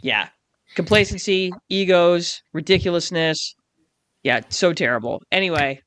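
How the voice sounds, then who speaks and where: A woman co-hosting a podcast in casual chat, animated and quick to swear when riled up. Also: lowish voice, no room sound. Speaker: podcast co-host.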